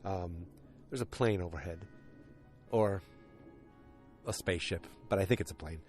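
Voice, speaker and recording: A man's voice: low-pitched, moderate pace, darkish tone, soft background music. A man hosting a podcast, casually recapping an episode in a rambling, self-deprecating way with many fillers. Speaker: podcast host.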